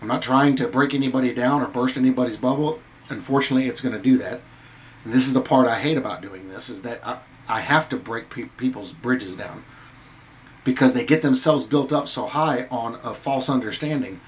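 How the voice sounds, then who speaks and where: A man's voice: medium pitch, fairly quick, rough recording. A man giving an earnest, preachy commentary on scripture, reading verses aloud and stressing his points. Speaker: Christian video commentator. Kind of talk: earnest scripture-based rant.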